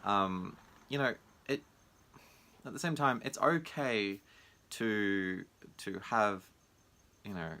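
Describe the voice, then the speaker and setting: Reflecting casually on camera in his video diary, a man who teaches martial arts impersonates other people in raised voices. His lowish voice is bright and forceful, slow, with frequent pauses.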